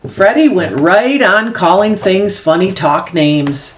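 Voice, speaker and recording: A woman reading a children's picture book aloud as a storyteller, expressive and unhurried, dropping low for the grown-ups. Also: reverberant, a little hiss or hum. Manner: slow expressive read-aloud with lively swings; drops low and soft for the grown-ups' voices.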